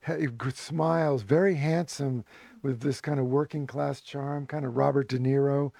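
A man, a guest author, telling a story in conversation with lively delivery, restarting phrases and chuckling. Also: mid-range voice, moderate pace, vocal fry, no room sound. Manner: lively storyteller who acts out quoted voices, with restarts and chuckles.

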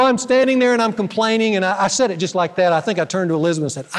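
A pastor preaching a sermon, telling a personal story with humor and lively swings between loud and soft. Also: male voice, fast talker, hardly any pauses, long reverb tail. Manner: storytelling with humor, animated swings in pitch and loudness.

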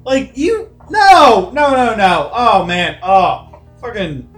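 Player doing an excitable lawyer, blunt, pitch jumping up, roomy room, faint music. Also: moderate pace, close to an everyday voice. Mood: incredulous. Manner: excitable, exclamatory. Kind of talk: in-character tabletop play.

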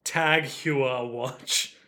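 A man co-hosting a podcast, narrating a story recap in a wry, deadpan casual manner. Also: medium pitch, drawn-out words. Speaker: podcast co-host.

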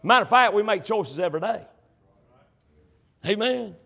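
A male preacher delivering a sermon, emphatic and swinging between loud passages and hushed ones. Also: sits high, animated, normal speed, gravelly.

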